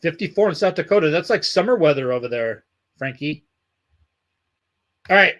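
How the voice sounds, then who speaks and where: A man's voice: fairly high pitch, expressive, normal speed, a bit bright. A man hosting a livestream, chatting casually and reading out viewer comments, with loose, heavily profane talk. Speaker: livestream host.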